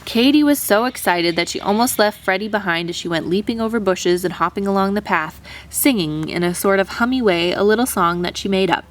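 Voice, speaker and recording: A woman teacher reading a children's storybook aloud in an expressive, animated way. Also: mid-range voice, fairly quick, few pauses.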